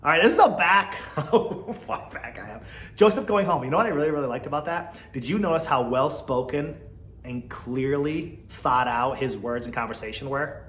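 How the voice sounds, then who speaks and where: A man's voice: medium pitch, lively intonation, moderate pace, fairly bright tone, roomy sound, slight background noise. A man hosting a podcast, giving blunt, exasperated commentary and laughing often. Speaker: podcast host. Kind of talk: casual opinion commentary.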